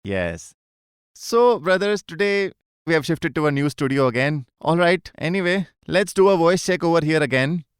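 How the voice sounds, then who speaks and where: Lively, high-voiced male teacher. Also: moderate pace, clear, resonant tone, no room sound, studio quality. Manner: chatty, repeats greetings and checks often. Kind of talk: live online class.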